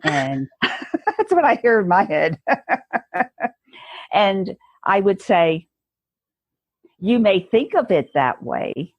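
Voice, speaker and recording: A woman guest speaking earnestly in a conversational interview, telling stories and acting out inner voices, with a husky voice. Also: medium pitch, big pitch swings, slow pace, long pauses, no room sound, dull audio. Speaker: guest educator.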